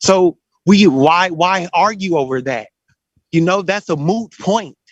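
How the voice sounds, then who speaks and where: A man's voice: sits high, a little slow, dry recording. A man arguing hard in a group voice chat, talking over others and repeating himself. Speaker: debate participant. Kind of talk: heated group voice chat debate. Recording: dull lo-fi voice chat audio.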